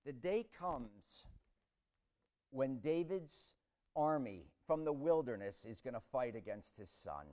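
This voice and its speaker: Animated, dramatic male preacher. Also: mid-range voice, slow pace. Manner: swings between hushed reflection and loud shouting; dramatic storytelling delivery. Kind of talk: sermon.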